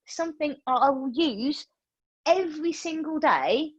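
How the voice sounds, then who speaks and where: A woman, leading a yoga class over a video call and telling a lively story, acting out her own reactions. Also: sits high, a little slow, dry recording, dull audio. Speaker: yoga teacher. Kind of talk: chatty class talk with a personal story. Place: room used for online classes.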